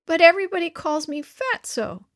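Woman doing a squeaky whimpering little boy. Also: measured pace, no room sound, clean studio sound. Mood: tearful. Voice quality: whining, squeaky. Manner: sniffling, timid. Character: whimpering chubby little first-grade boy.

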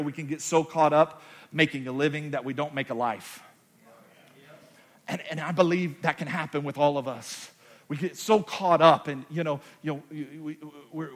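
A man preaching a sermon to his congregation, swinging from quiet, joking asides to loud, shouted proclamations. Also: high voice. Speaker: pastor. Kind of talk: energetic sermon. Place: church sanctuary with congregation.

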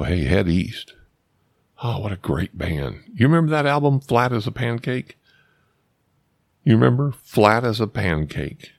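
A man's voice: sits low, vocal fry, no echo, clean studio sound. A middle-aged man hosting a storytelling podcast, rambling through digressions and addressing listeners as folks. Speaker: podcast host.

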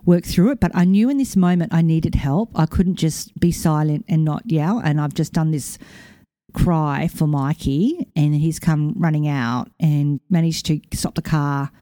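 A middle-aged woman tells a story on her podcast, chatty and animated, acting out what people said. Her voice sits low and mellow. The recording is dry and close. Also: measured pace, no room sound. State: recovering from concussion. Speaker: podcast host. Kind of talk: casual storytelling monologue.

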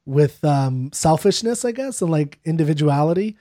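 Animated joking man, fairly high voice. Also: moderate pace, dry recording, clean studio sound. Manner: animated, joking, lots of fillers. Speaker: podcast co-host. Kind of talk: casual chat.

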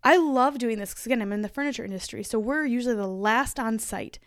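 A woman with a slightly high voice talks fast in a chatty, emphatic solo monologue on her own podcast, laughing easily. The recording is studio quality with no echo.

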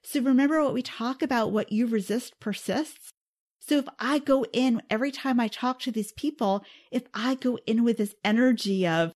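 A woman's voice: on the high side, normal speed. A woman hosting a self-help podcast, talking earnestly and encouragingly straight to her listeners. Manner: warm, earnest and encouraging, addresses listeners directly. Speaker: podcast host.

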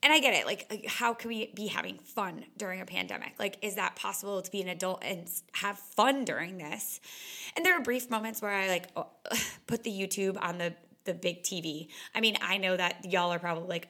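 A woman's voice: mid-range voice, bright, forceful tone. A young woman, a fitness instructor, talking candidly in a chatty solo podcast monologue full of "like.". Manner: chatty and candid, heavy on "like" fillers.

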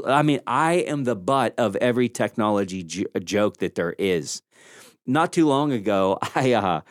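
Dry-sounding animated male podcast host. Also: lowish voice, dry recording. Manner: animated storyteller, self-deprecating, acts out quoted dialogue. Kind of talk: leadership podcast monologue. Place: small studio room. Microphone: studio microphone.

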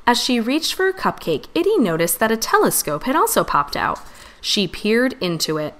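A woman reading a children's storybook aloud, gentle and expressive. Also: on the high side, moderate pace. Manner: gentle, expressive, lively voice changes for characters. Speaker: storybook reader.

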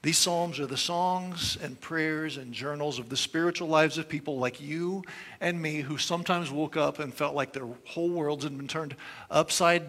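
Guy preaching, bright voice a bit on the high side, goes quiet and then loud. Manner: expressive preaching, swings between hushed reading and forceful exclamation. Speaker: pastor. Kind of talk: sermon.

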